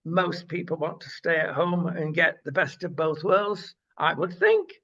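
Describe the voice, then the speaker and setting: Bloke chatting current affairs, pretty high voice, lots of uhs, opinionated. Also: male voice, unhurried, bright, forceful tone. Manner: opinionated, rambling with many uhs. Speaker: co-host. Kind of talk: casual current-affairs chat. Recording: dull lo-fi sound.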